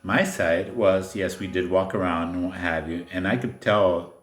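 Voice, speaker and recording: Male co-host, low voice, goofy and affectionate, roomy recording with music. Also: fairly even intonation, moderate pace. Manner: playful, jokey, affectionate. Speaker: podcast co-host. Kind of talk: casual spiritual chat. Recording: echoey room, music behind.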